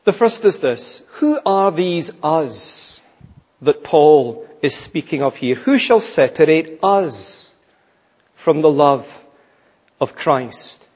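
A preacher delivers an expository sermon very slowly in a somewhat high, husky voice, emphatic and animated, letting each phrase drop soft at its end. The recording is dull and lo-fi, with long reverb trailing through a large hall.

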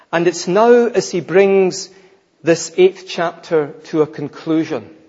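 Slow, emphatic preacher in a reverberant hall. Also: male voice, on the high side. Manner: slow, emphatic preaching, dropping soft at phrase ends. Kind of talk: expository sermon. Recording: dull lo-fi sound with long hall reverb.

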